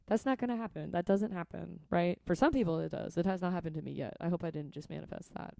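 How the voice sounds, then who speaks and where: A woman's voice: on the low side, quick pace, vocal fry, hardly any pauses, a little mellow, no echo. A young woman vlogging in a casual, rambling way, chatty and earnest, often adding "like" and "right?". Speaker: vlogger and musician.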